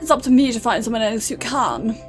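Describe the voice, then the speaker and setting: A woman's voice: a little high, lively intonation, a little fast, faint music behind, close to an everyday voice. A woman doing a smug, greedy hawk landlord. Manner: smug, dismissive.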